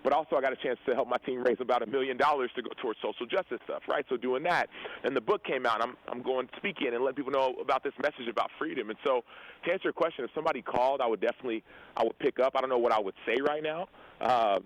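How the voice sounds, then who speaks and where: A young man and football player telling a personal story in an interview, earnest and animated, acting out the dialogue he quotes. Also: medium pitch, racing, highs cut off. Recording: radio show broadcast audio.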